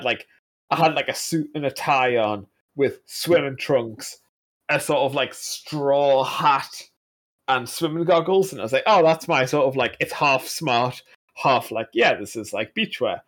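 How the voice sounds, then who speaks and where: A man chatting on a podcast, telling animated, laugh-filled anecdotes with some swearing. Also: mid-range voice. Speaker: podcast guest. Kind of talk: casual podcast chat.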